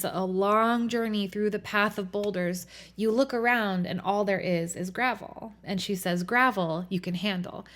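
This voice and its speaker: A woman's voice: medium pitch, a bit bright. A young adult woman hosting her own podcast, talking in a casual, reflective way with many fillers. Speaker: podcast host. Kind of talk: reflective solo podcast talk.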